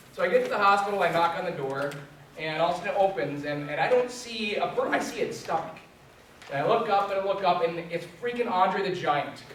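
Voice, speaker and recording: A young man telling a funny story to a group as a trainer, animated and self-mocking. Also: high voice, a little hiss or hum. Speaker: resilience trainer. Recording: echoey room from far off.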